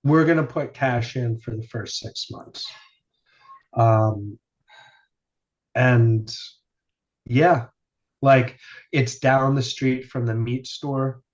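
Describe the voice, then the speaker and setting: A man telling loose, meandering stories in casual podcast chat, swearing now and then and leaning on fillers. His voice sits in an ordinary middle pitch. The recording sounds muffled and lo-fi. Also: slow, long pauses. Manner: rambling storyteller, swears casually, many fillers. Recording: dull lo-fi sound.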